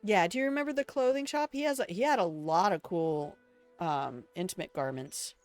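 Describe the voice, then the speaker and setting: A woman's voice: on the low side, normal speed, faint music behind. Older woman chatting over her gameplay. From Alabama, United States. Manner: chatty, rambling storyteller talking to chat. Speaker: game streamer. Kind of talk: casual let's-play commentary.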